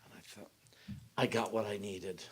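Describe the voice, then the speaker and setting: A man's voice: lowish voice, steady tone, moderate pace, breathy edge. A man giving a sermon as pastor, talking in a personal, conversational way and often restarting his sentences. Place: church sanctuary.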